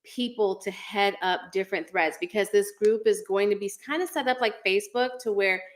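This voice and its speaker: A woman's voice: mid-range voice, moderate pace. A woman co-hosting a casual live stream, chatty and heartfelt, with a slight cough. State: coughing a little. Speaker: podcast co-host.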